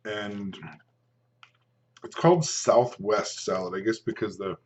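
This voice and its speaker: Chatty fifty-something man, low voice. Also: steady tone, a little mellow, a little hiss or hum. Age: 50s. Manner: rambling, chatty, with pauses to chew. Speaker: food and fitness vlogger. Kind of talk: casual talk to camera while eating.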